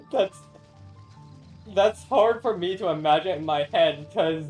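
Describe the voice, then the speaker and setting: A man's voice: sits high, slow pace, a little mellow, faint music behind, rough recording. A man streaming a game, chatting casually with a friend and laughing often between rambling asides. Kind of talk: casual gameplay chat.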